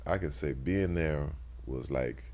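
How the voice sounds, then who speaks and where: A man's voice: extremely low pitch, unhurried, a little mellow, a little hiss or hum. A man in his sixties, a former football player, telling stories in a casual interview with lots of restarts and repeated words.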